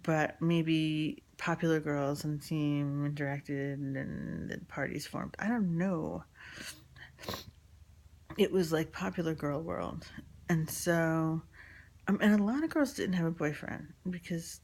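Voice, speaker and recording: Woman in her 40s from new york rambling through a story, frank and a bit sweary, low gravelly voice. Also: unhurried, a little mellow. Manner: frank, rambling, profane, many fillers. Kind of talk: personal storytelling monologue.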